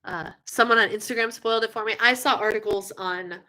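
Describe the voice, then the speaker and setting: A young woman hosting a casual live stream, chatting with viewers in an animated way, with lots of fillers and frequent yawns. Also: mid-range voice, brisk. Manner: chatty, animated, yawning often, many fillers. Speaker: livestream host.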